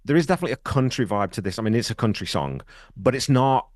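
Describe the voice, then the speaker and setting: A man hosting a podcast, chatting in a quick, animated way with his guest. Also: mid-range voice, dry recording, clean studio sound. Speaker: podcast host. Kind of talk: casual interview chat.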